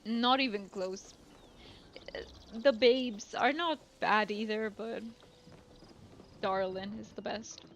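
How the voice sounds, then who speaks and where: A woman's voice: medium pitch, slow, pauses often, fairly bright tone, slight background noise. A woman streaming a game, chatting casually and musing aloud to her viewers. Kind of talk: casual gameplay commentary.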